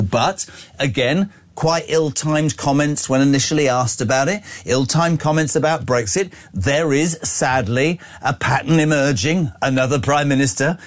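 A middle-aged man hosting a breakfast radio show, chatty and opinionated as he reads out listener texts. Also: medium pitch. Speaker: radio host. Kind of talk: breakfast radio talk and text reading.

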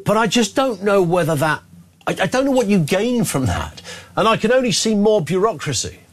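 A man's voice: sits high, big pitch swings, fairly quick. A man hosting a radio phone-in, reading out listener messages and giving his opinions in a conversational way.

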